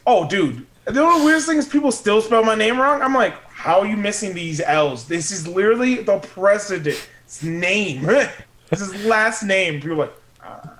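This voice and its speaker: High, lively-voiced man joking around. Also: moderate pace. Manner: jokey, laughs often, slips into silly voices. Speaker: podcast co-host. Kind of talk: casual chat.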